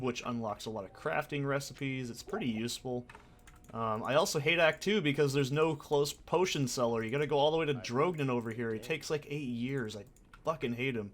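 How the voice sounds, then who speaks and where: A man's voice: medium pitch, a bit bright. A young man ranting and swearing through casual commentary on his gameplay, with sarcastic asides. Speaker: let's play host.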